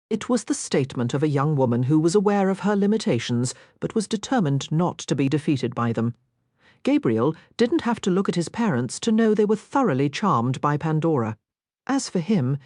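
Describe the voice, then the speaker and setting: A woman narrates a romance audiobook with a low voice and wide, lively pitch movement. The recording is dry and close, without room echo. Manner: expressive, voices each character.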